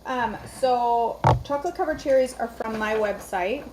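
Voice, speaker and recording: A woman's voice: a little high, normal speed, loud music behind the voice, low-quality recording. Chatty woman on a live stream. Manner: chatty, greets viewers by name, rambling asides. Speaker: host of a live cooking stream. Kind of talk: casual live-stream chat.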